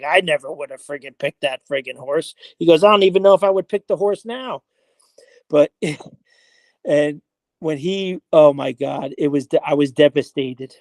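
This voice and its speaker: A man with a somewhat high voice tells a lively story as an interview guest, acting out the dialogue and swearing casually. The sound is dry and close. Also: dry recording. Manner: animated storyteller, acts out quoted dialogue, frequent "I was like". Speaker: interview guest, horse player.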